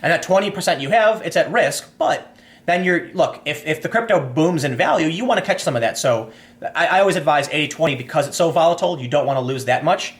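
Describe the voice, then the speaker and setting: A young man hosts a casual livestream, reading viewer messages and answering them as he thinks aloud. His voice sits a little high for a man. He restarts sentences often and explains things through made-up scenarios. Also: animated, fast talker.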